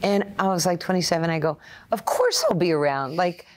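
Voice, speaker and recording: A woman, telling stories in an interview. Her voice sits a little low, and she acts out what other people said. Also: a little fast. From Brooklyn, USA. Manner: animated, acts out quoted voices. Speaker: interview guest, former player and coach. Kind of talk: storytelling interview.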